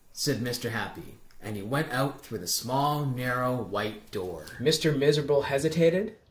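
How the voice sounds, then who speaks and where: A man reading a children's storybook aloud, expressive and playful with repeated words. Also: fairly high pitch, a little hiss or hum.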